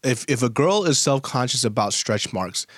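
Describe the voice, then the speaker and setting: A man's voice: mid-range voice, animated, moderate pace, no room sound, studio quality. A man co-hosting a podcast, telling stories bluntly with lots of swearing. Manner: blunt, profane storytelling. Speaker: podcast co-host. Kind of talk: casual chat.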